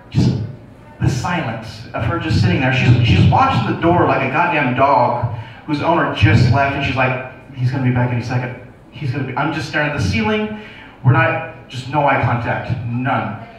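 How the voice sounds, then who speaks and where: A man's voice: on the high side, unhurried, long pauses, slight background noise. A man doing stand-up, telling a profane, self-mocking story to a crowd. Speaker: stand-up comedian. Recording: echoey room, distant dull mic.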